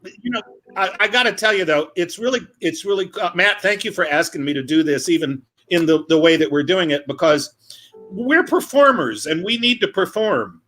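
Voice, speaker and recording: A male comedian on a video call, telling stories in a lively chatty way with quick asides. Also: sits high, faint music behind. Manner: animated, quick asides, acts out quoted voices. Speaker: comedian guest. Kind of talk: casual comic storytelling.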